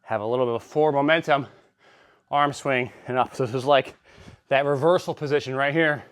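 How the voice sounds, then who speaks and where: A man's voice: mid-range voice, fairly quick, smooth, no room sound, clean studio sound. A man in a gym, out of breath between sets, puffing as he casually explains how he uses a training machine. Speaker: fitness vlogger. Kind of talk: casual workout demonstration.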